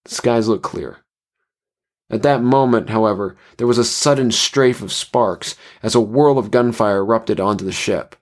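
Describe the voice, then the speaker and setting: Low-voiced male horror narrator. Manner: measured storytelling. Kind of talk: scripted horror story narration.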